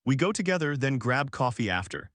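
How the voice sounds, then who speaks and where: A man reading a first-person story aloud in a calm, slow, even scripted narration meant for listeners falling asleep. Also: mid-range voice, dry recording, clean studio sound.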